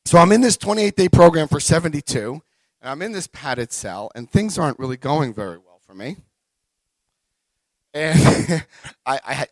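A middle-aged man giving a personal recovery talk, an animated storyteller who acts out quotes and swings between quiet and loud. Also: a little high, dry recording, poor audio. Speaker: recovery speaker.

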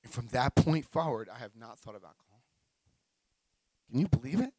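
A middle-aged man sharing his recovery story at a meeting, telling it in an emotional, animated way. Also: medium pitch, normal speed, breathy edge, no room sound, low-quality recording.

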